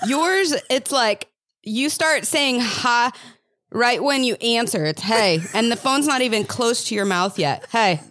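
A woman's voice: fairly high pitch, expressive, a little slow, fairly bright tone, no echo, studio quality. Curious woman guest on a podcast. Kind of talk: casual chat.

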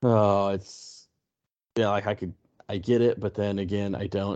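Low flat-voiced man rambling casually. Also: a little slow, pauses often. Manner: rambling, lots of fillers and restarts. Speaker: podcast co-host. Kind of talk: casual chat. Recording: dull lo-fi sound.

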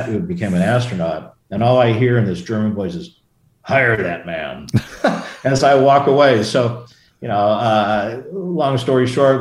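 Middle-aged male storyteller, very low mellow voice, roomy echo, rambling anecdotal delivery. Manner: rambling, self-correcting anecdotes with quoted voices. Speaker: former fighter pilot guest. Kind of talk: storytelling in a casual interview.

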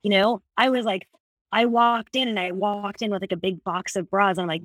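A woman guest on a podcast, telling personal stories in casual conversation, animated and quick to laugh. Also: mid-range voice, dry recording. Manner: animated storyteller, laughs often.

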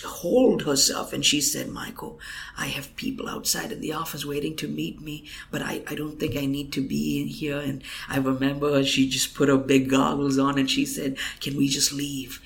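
A man's voice: medium pitch, creaky, fairly bright tone. Earnest man telling a testimony. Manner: earnest, emotional storytelling, drops to a whisper at times. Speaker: guest minister. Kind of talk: testimony in a podcast interview. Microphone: computer microphone.

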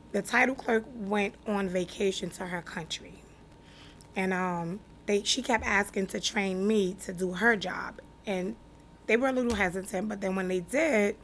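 A woman from Newark, a business founder telling her story as an interview guest in a direct, animated way. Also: mid-range voice, slight background noise. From Newark, New Jersey. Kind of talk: casual interview.

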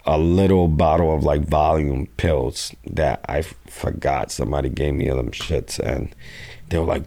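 Very deep-voiced man telling a profane story. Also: gravelly, darkish tone. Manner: profane, rambling, acts out quotes. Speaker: guest. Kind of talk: casual storytelling interview.

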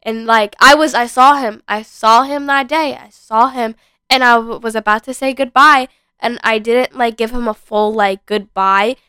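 A woman's voice: a little high, steady tone, normal speed, sharp tone, smooth, no room sound, studio quality. A young woman co-hosting a podcast, talking candidly and emotionally in casual chat, while sick. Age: young adult. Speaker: podcast co-host.

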